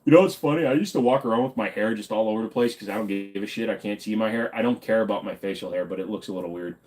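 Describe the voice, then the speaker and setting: A man's voice: fairly low pitch, racing, darkish tone. A man hosting a casual livestream, reading chat questions aloud and answering them in an offhand, joking way. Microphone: desk microphone.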